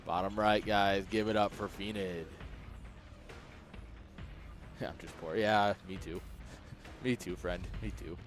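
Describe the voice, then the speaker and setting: Speaking slowly and steadily in a lowish voice, this caster leaves long pauses, soft music in the background. He's live from his home room with a webcam, commentating a strategy game, chatting with viewers directly and laughing a lot.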